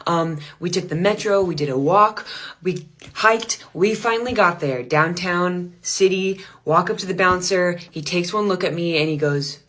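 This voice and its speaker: A woman telling a comedic personal story in an animated, self-deprecating way, with laughs between lines. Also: on the low side. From United States.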